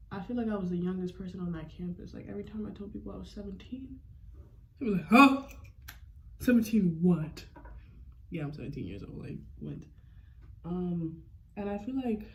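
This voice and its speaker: A woman's voice: mid-range voice, warm tone, slight background noise. A young adult woman chatting casually through a makeup tutorial, rambling in slangy talk full of "like". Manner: slangy, rambling, fills with "like" constantly. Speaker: beauty vlogger.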